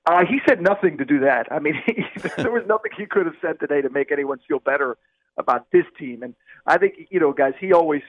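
A man's voice: fairly high pitch, lively intonation, fast talker, dry recording, narrow, tinny audio. A man reporting on a baseball team in a casual, emphatic sports radio chat. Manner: emphatic, conversational, addresses the hosts as guys.

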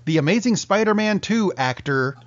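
A middle-aged man hosting a casual podcast chat, slow and wry as he leads into each topic. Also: high-pitched, animated. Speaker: podcast host. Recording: slightly dull lo-fi sound.

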